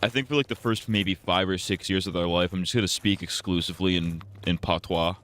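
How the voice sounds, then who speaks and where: Deep-voiced man rambling on a game stream. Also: steady tone, brisk, fairly bright tone. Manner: rambling, joking, self-mocking. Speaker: live streamer. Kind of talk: casual live-stream gaming commentary.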